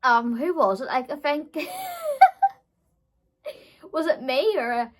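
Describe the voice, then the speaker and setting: Girl rambling thru a storytime vlog, kinda high voice, giggly, says like a lot. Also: slow pace, a little hiss or hum. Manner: chatty, giggly, full of "like" fillers. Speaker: beauty vlogger.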